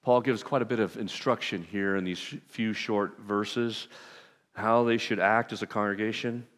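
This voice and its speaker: A man preaching a sermon as pastor, talking to his congregation in a conversational, self-deprecating way with lively asides. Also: fairly low pitch, moderate pace. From Southern California. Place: church sanctuary. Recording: long reverb of a large hall.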